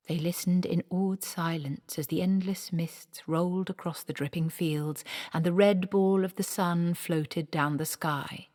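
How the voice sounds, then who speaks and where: A woman reads a novel aloud in a measured, expressive way. Her voice sits lowish for a woman. A long hall reverb trails each sentence. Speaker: audiobook narrator. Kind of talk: storybook narration.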